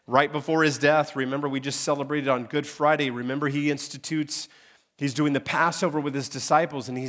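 A male pastor preaching a sermon, landing on key phrases with emphatic pauses. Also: medium pitch, fairly bright tone. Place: church sanctuary.

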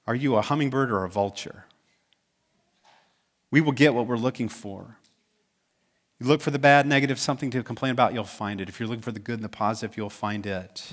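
A man's voice: medium pitch, brisk, pauses often. A man preaching a sermon as pastor, talking in a conversational way and asking the congregation questions. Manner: acts out quoted voices in the stories.

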